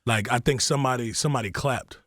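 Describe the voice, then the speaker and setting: Laid-back young comedian, dry studio sound. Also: male voice, quick pace, fairly bright tone, no room sound. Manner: laid-back, storytelling, acts out quotes with rising pitch. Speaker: comedian guest. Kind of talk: casual radio interview chat.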